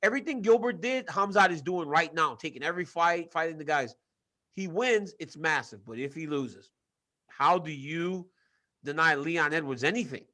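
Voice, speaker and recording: A man with a fairly high voice co-hosts a casual sports chat over a video call. He talks in an animated, teasing way and breaks into laughter often. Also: moderate pace. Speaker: co-host and fight analyst.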